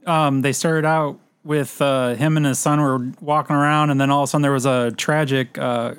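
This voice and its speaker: A man's voice: medium pitch, fairly even intonation, moderate pace, clean tone, dry recording. A man co-hosting a casual movie podcast, tossing in dry jokey asides. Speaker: podcast co-host. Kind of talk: casual movie review chat.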